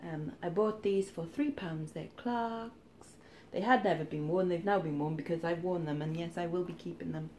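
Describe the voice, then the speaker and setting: A woman's voice: fairly low pitch, a little mellow, a little hiss or hum. A woman, chatting casually and rambling through a charity shop haul with wry asides. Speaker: charity shop reseller vlogger. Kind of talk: casual haul vlog chat.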